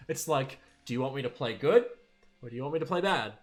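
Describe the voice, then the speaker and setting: A young man of about twenty, speaking at an ordinary middle pitch, rants casually through his list of annoyances. His tone is sarcastic and exasperated, and soft music plays faintly behind him. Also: animated, fast talker. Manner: sarcastic, exasperated, chuckling asides. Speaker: streamer and video maker. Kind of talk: casual ranting vlog.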